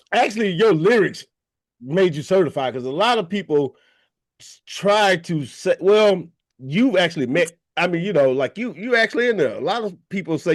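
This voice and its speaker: A man's voice: on the high side, no echo, studio quality. A man hosting a hip-hop radio show, chatting loosely with slang and hyping up his guest. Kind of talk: casual interview chat.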